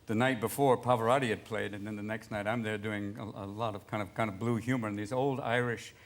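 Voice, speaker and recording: A man in his sixties, a comedian guest on a talk show, riffing fast and slipping into voices. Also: on the low side, fairly even intonation. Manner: rapid riffing, jumping into voices. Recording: loud clicking noise.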